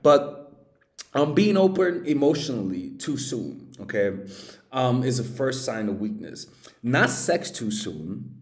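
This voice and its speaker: A young man giving dating advice in a casual vlog, animated and profane, with many restarts. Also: mid-range voice, takes it slowly, reverberant. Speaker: dating coach.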